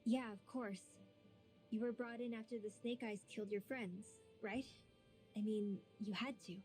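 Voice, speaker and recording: An actress playing a sharp-tongued young female mage in a game, dry and teasing. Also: mid-range voice, fairly even intonation, normal speed, lightly acted. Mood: reassuring. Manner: dry, teasing, matter-of-fact. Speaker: game character. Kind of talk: game dialogue acting. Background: game music.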